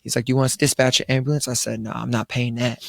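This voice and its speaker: Gravelly young man telling a story. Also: medium pitch, flat delivery, quick pace, a bit bright, no echo. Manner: laid-back storytelling, quoting himself, frequent fillers and restarts. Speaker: podcast co-host. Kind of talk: casual storytelling chat. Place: studio around a table.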